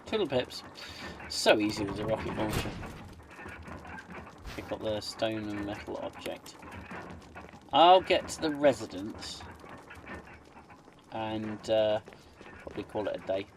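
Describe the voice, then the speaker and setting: A man's voice: fairly low pitch, unhurried, pauses often, background noise. A man giving casual, muttering commentary while he plays a video game, tossing in playful sing-song asides. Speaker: gaming channel host. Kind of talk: casual let's-play commentary.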